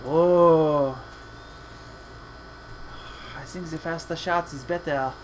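A man hosting a let's play, joking, laughing often, swearing freely and ranting, sometimes reading game text aloud slowly and dramatically. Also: a little high, steady tone, background noise. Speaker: gaming channel host.

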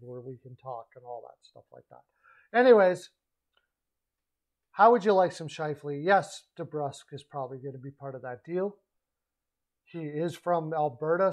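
Male hockey commentator, slightly high voice, casual and rambling, self-correcting. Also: a little mellow, low-quality recording. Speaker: hockey podcaster.

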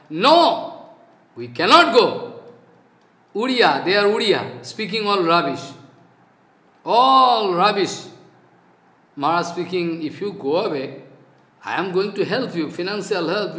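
A man's voice: high voice, a bit bright. Older man preaching in an echoey room. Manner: scolding, emphatic, quotes others in their voices. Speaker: spiritual teacher. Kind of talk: devotional talk with anecdotes.

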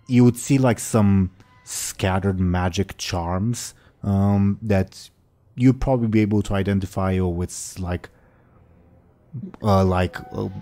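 A man narrating as game master of a tabletop role-playing game over a voice call, talking in a rambling, halting way full of fillers, and he has the hiccups. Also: deep voice, mellow.

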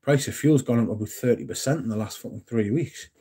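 A man hosting a casual livestream, reading and answering chat in a relaxed, yawning way. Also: mid-range voice, quick pace, husky. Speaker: livestream host.

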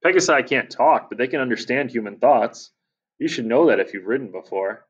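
A man voicing a curt, suspicious teenage stable boy who gives sharp warnings, in an audiobook. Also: mid-range voice, expressive, fairly quick, lo-fi sound, natural voice. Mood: stern.

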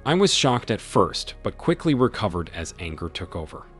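A man narrating a dramatic first-person story in an expressive storytelling manner. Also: on the low side, normal speed. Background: faint music.

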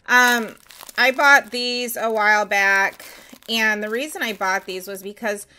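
A woman's voice: medium pitch, bright, forceful tone, slight background noise, low-quality recording. A woman chatting casually in a home vlog, rambling and candid as she shows off nail supplies, with lots of fillers. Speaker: nail artist selling supplies. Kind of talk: casual show-and-tell vlog.

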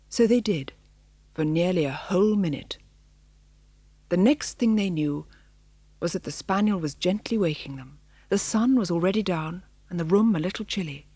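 A woman reading a children's novel aloud in a measured, expressive storybook narration, in a studio. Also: on the low side, no room sound. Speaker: audiobook narrator. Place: recording studio.

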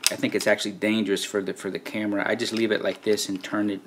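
A man giving a relaxed, conversational hands-on walkthrough of a camera, often checking in with "right?" and "okay". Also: fairly low pitch, fast, background noise. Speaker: camera reviewer.

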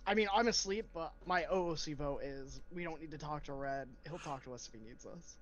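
A man's voice: a little high, brisk, dull audio, a little hiss or hum. A man as a player in a tabletop game, laid-back.

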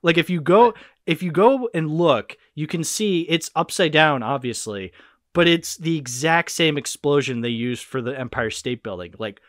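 A man's voice: fairly high pitch, normal speed, no room sound, clean studio sound. A man hosting a casual film podcast, talking animatedly and swearing freely. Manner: animated, swearing, quoting film lines in put-on voices. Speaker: podcast host.

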